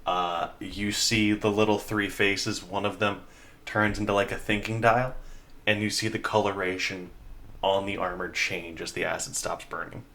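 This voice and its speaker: Low, bright-toned male game master. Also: fairly even intonation. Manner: descriptive, measured narration with many fillers. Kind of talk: narrating a tabletop game.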